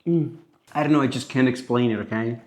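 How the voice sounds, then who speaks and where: A man's voice: mid-range voice, brisk. A man from Italy, cooking on camera in a playful, exclamatory way. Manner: playful, exclamatory, self-mocking. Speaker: home cook. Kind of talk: cooking demonstration.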